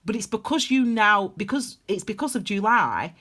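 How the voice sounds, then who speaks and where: A woman's voice: medium pitch, animated, moderate pace, fairly bright tone. Woman, tarot reader; emphatic, rambling delivery, mid-range voice. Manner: rambling and emphatic, many restarts. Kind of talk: casual tarot reading.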